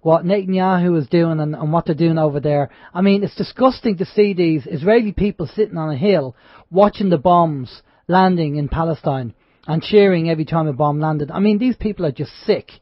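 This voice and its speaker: A man's voice: on the high side, brisk, no room sound. A man hosting a talk radio show, earnest and opinionated in casual chat. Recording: dull dry radio sound.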